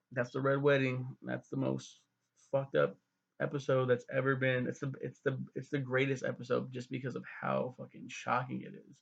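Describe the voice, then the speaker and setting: A young man giving a casual, profane TV review, animatedly retelling scenes as he talks. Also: medium pitch. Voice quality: gravelly. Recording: dull lo-fi sound.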